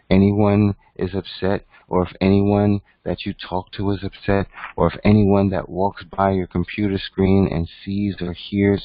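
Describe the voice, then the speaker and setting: A man's voice: deep voice, no echo. A man teaching an online class in a conversational lecture style, often checking in with "right?". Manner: conversational, keeps asking "right?". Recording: dull, dry lo-fi audio.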